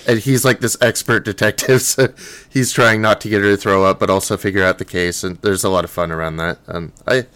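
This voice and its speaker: Male co-host, deep and resonant, easygoing, pauses with ums. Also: smooth, no room sound. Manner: relaxed, hesitant with ums. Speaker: podcast co-host. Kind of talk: casual film discussion.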